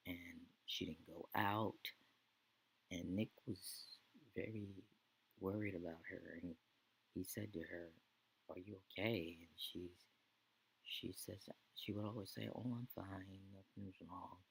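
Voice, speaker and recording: A man's voice: low voice, steady tone, measured pace, gravelly, long pauses, husky, poor audio. A man narrating the storyline of his life-sim game let's play, earnest and rambling.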